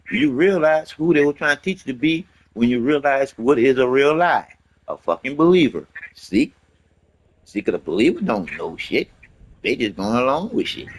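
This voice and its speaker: Animated man preaching in profane slang. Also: on the high side. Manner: emphatic, profane, repetitive preaching; casual street slang. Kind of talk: rambling motivational monologue.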